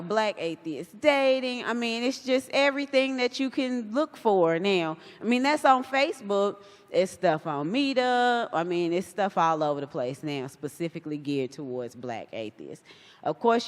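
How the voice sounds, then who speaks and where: Chatty woman speaking in a reverberant hall. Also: medium pitch. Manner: chatty and animated, acts out quoted voices. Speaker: guest speaker. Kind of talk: casual talk to a live audience.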